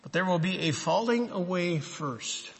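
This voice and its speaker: A man's voice: sits high, animated, measured pace, vocal fry, big-room sound. A man preaching a sermon, emphatic and quoting scripture.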